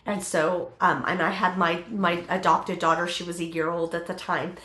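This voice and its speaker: A woman's voice: lowish voice, little pitch movement, fairly bright tone. Earnest middle-aged woman in an echoey room. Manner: halting, with many fillers and restarts. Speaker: guest telling her testimony. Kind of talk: emotional personal testimony in a podcast interview.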